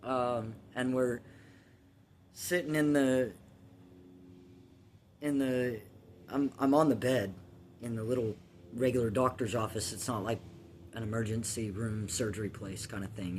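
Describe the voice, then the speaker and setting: A man's voice: fairly low pitch, fairly even intonation, a little slow, pauses often, slight background noise. A man telling a long personal story from his childhood in a casual, rambling way, swearing freely and laughing at his own telling.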